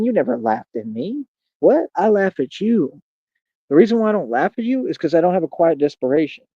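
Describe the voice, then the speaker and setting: A man's voice: on the high side, no room sound. Combative man ranting on a livestream. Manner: combative, taunting, repeats "bro". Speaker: livestream host. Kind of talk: livestream rant to chat. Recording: dull lo-fi stream audio.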